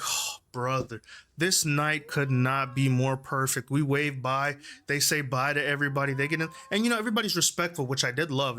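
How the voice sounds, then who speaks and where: A young man tells a concert story in a casual vlog, animated and laughing, leaping into high, excited voices when he quotes people. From Houston, Texas. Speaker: concert-going fan.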